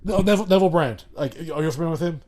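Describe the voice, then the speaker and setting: A man's voice: fairly high pitch, racing, darkish tone. A man from Chicago co-hosting a podcast over a remote call, rambling and profane, full of restarts and asides. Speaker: podcast co-host. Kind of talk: casual chat.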